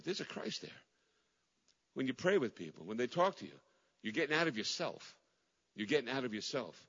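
A middle-aged man preaching an impassioned sermon as pastor, swinging from loud cries to hushed near-whispers and repeating his phrases. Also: on the high side. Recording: dull recording in a large reverberant hall.

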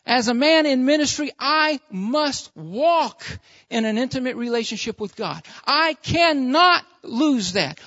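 A man's voice: very high-pitched, lively intonation, measured pace, pushed and bright. A male pastor delivers a sermon, returning to the same phrases and posing rhetorical questions. The recording is dull and lo-fi, with a dry sound and no room echo. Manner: repetitive preaching with rhetorical questions.

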